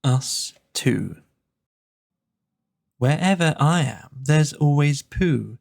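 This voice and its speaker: A man gently reading children's poems aloud with a rhythmic lilt. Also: on the high side, expressive, extremely slow, creaky. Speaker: storyteller.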